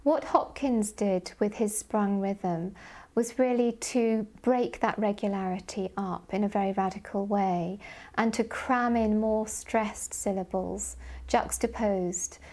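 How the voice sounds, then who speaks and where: A woman's voice: medium pitch, slow pace, darkish tone. A woman explaining poetry in an interview, emphatically stressing the rhythm. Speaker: literary scholar.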